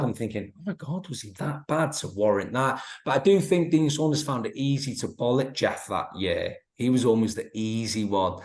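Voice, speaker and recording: This guest is also a thirty-something ex-footballer chatting on a podcast, with a fairly low, darkish voice. Laughing frequently, he keeps restarting his stories and performs the quotes aloud, while the room echoes around him.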